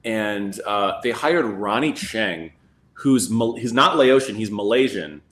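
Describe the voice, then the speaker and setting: Man ranting with animated restarts. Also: on the low side, slow. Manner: animated, rambling complaints with many restarts. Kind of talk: casual chat.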